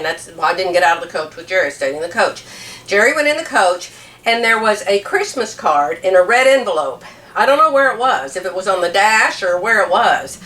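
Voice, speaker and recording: An older American woman, teary from crying, tells her viewers a story in a casual vlog, laughing between sentences as the emotion spills out. Her medium-pitched voice has a sharp tone, recorded in an echoey room a bit far from the mic.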